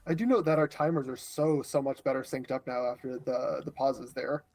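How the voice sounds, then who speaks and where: A man co-commentating a speedrun, observant and quick to praise details. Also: mid-range voice, steady tone, darkish tone, poor audio. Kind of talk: casual game commentary.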